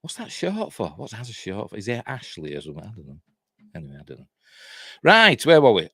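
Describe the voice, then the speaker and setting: A man's voice: medium pitch, wildly swooping pitch, brisk, bright, forceful tone, slightly rough, no room sound, clean studio sound. A man with a Yorkshire accent hosting a live news stream, reading headlines and wandering off into chatty, self-deprecating asides with mild swearing. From Yorkshire, England. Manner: rambling and chatty, reads headlines then goes off on asides; self-deprecating, swears mildly, laughs at his own jokes.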